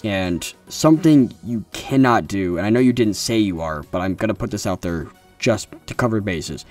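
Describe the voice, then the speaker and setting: A man's voice: lowish voice, lively intonation, normal speed, darkish tone, soft background music. A young man hosting an advice video, talking in a casual, earnest, consoling way with frequent restarts, recorded in a room at home.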